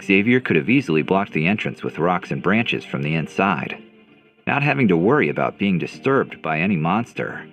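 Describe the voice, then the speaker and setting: A man's voice: big pitch swings, moderate pace, fairly bright tone. A man narrating a fantasy audio novel in a dramatic storytelling manner. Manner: dramatic storytelling, swinging pitch. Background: faint background music.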